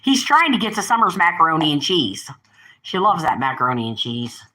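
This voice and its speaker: A woman's voice: low voice, big pitch swings, fairly quick, pushed and bright, low-quality recording. An older woman hosting a casual live stream, rambling and chatty, often breaking off to talk to her pets and family. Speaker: livestream host.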